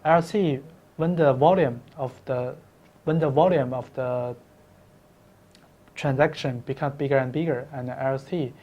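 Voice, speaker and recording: Halting man answering interview questions. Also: mid-range voice, fairly even intonation, lo-fi sound. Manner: halting, with many fillers and restarts. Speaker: company co-founder guest.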